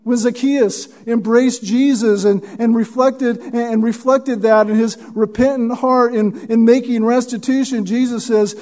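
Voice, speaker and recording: High-voiced pastor guy preaching, mellow tone, goes real quiet on the verses he quotes. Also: steady tone, unhurried, hardly any pauses. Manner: teaching, drops to a hushed tone for quotes. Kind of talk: sermon.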